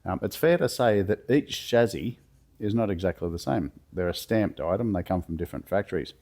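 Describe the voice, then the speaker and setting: A man with a cold and a hoarse voice, talking through a car chassis rebuild step by step in a relaxed, plain-spoken way from his home garage. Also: deep voice, a little fast. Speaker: workshop builder demonstrating a chassis rebuild. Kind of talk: casual step-by-step how-to explanation.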